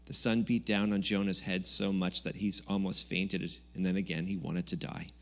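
Man, lower-pitched voice, pastor delivering a casual, humorous sermon with sudden loud bursts. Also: level tone, moderate pace. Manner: conversational, jokey preaching with sudden loud bursts. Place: church service.

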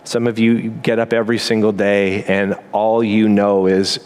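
A man preaching a sermon as pastor, earnest and emphatic, with quick asides and slow pauses. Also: on the low side, level tone, darkish tone.

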